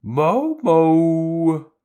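A man's voice: a little high, very animated, extremely slow, dark tone, smooth, voice pushed up, exaggerated voice. A man putting on the voice of a boastful male octopus fishman villain while recapping an anime.

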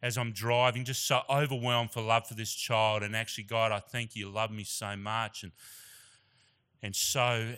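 A man's voice: lowish voice, sharp tone. A middle-aged man with an Australian accent, preaching as a guest pastor in a church in an earnest, chatty and openly emotional way. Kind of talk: sermon with personal storytelling.

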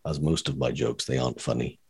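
A man's voice: very deep voice, fairly even intonation, a little fast, a little mellow, slightly rough, no room sound. A man co-hosting a podcast in casual chat, rambling and self-mocking with a wry humor. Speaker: podcast co-host.

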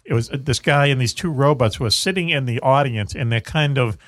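A male talk-radio host rambles through casual chat, full of fillers and little laughs. His voice sits at an ordinary pitch. The sound is dry and close, with no room echo. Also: brisk, a bit bright. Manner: rambling, chuckling, many fillers.

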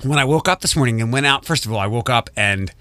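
A man hosts a casual morning radio show from a studio, his medium-pitched voice animated, fast, bright and forceful, captured on a studio microphone with no echo. He reads through the show's rundown in a rambling way, interrupting himself with frequent restarts and asides.

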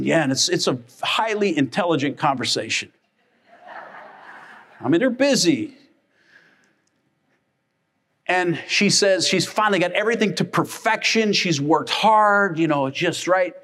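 A male pastor delivering a sermon in a high voice. He tells everyday family stories with lively energy and briefly plays the people in them. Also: moderate pace. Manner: animated storytelling, acting out family members.

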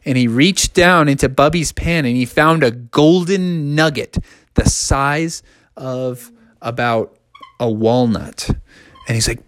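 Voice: medium pitch, slow pace. A storyteller improvising a silly spoken story, rambling playfully from one "and then" to the next. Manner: playful, animated, rambling narration with run-on "and then".

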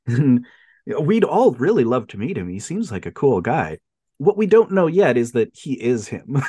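A man co-hosting a casual podcast, retelling a film with lively swings in pitch. He slips into quick impressions of the characters as he goes. The sound is dry and close, with no room around it. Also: husky, no room sound. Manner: animated retelling, acts out characters' lines. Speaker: podcast co-host.

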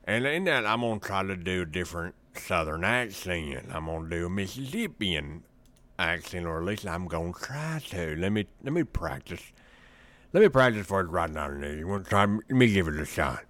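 Low bright-voiced joking podcast man. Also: lively intonation, moderate pace. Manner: joking, playful asides. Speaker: podcast co-host. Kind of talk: casual podcast banter.

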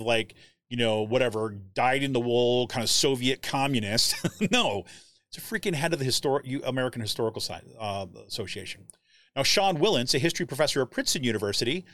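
Man, live show host, casual commentary, medium pitch, dry close sound, keeps asking "right?". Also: dry recording. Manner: animated, keeps asking "right?", reads quotes aloud; searches through documents while talking, trails off.

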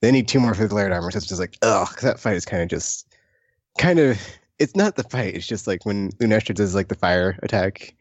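A man's voice: fairly low pitch, fairly quick, husky, no echo. A man hosting a podcast in casual chat, rambling loosely with lots of fillers and restarts. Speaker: podcast host. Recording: dry, slightly dull lo-fi sound.

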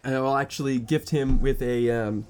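A man's voice: mid-range voice, fairly even intonation, normal speed, darkish tone, clear, resonant tone. A man playing a gnome character in a tabletop game, joking dryly and laughing often. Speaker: player.

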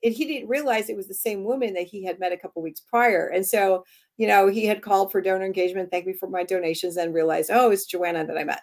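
A woman author, interviewed as a guest, telling lively stories and acting out the dialogue in them. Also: medium pitch, fast talker. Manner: animated storytelling, acts out quoted dialogue. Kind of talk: conversational interview.

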